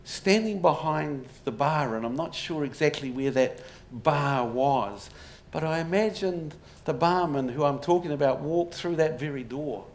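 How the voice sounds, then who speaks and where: A man gives a public lecture to a live pub audience, telling stories with wry humour and rhetorical questions. His voice is a little high, measured in pace with hardly any pauses, and audience laughter and faint room noise can be heard.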